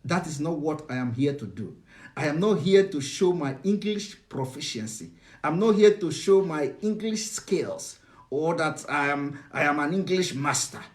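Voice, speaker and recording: A middle-aged man from Nigeria with a Nigerian accent, speaking unscripted in a live broadcast, lecturing and halting with many fillers and restarts. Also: on the high side, animated. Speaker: host of a live online broadcast.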